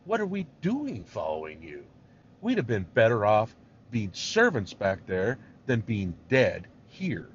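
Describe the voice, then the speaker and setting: Whiny, panicky Israelites moan and needle their leader in a raised, sarcastic voice as a preacher puts them on. The sound is dull and lo-fi, with a faint hiss under it. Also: male voice, lowish voice, wildly swooping pitch, a little slow. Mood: complaining. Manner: sarcastic, complaining. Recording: dull lo-fi recording.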